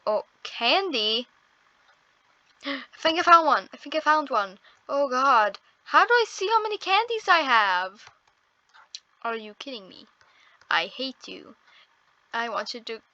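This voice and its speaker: A woman's voice: on the high side, pushed and bright, no room sound, dull audio. A woman giving casual gameplay commentary on her first video, nervous and apologetic, exclaiming often. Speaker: first-time gaming video creator.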